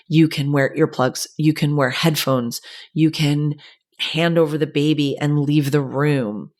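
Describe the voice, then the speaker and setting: A young adult woman hosting a casual parenting advice talk, chatty and full of "like" asides. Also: low-pitched. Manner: chatty, lots of "like", animated asides. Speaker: podcast host.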